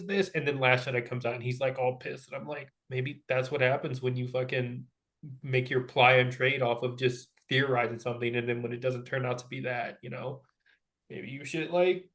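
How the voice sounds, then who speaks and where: A man's voice: medium pitch, fairly bright tone. A man co-hosting a movie podcast, ranting in a casual, exasperated way with lots of fillers. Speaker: podcast co-host.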